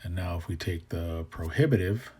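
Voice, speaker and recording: A man's voice: low-pitched, moderate pace, mellow, husky. A man teaching language grammar in a casual way, thinking aloud and sometimes dropping to a whisper to say example words. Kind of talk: explaining grammar with slides.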